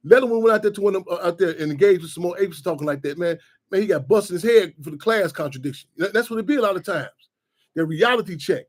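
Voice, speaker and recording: Rambling through a casual monologue, this fast-talking, high-voiced man, a radio show host, keeps dropping in "you know what I'm saying".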